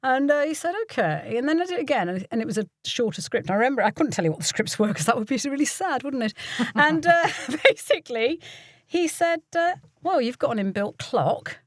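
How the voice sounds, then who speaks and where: With a high voice, lively intonation and a fairly quick pace, an older British voiceover artist and coach shares stories in a relaxed interview. She laughs a lot and performs the voices of people she quotes. The recording is dry and clean studio sound.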